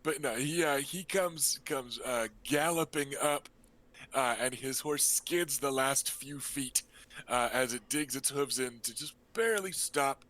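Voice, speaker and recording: Male game master, casual narration, bright voice, mid-pitched, lots of fillers. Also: measured pace. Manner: relaxed, full of fillers.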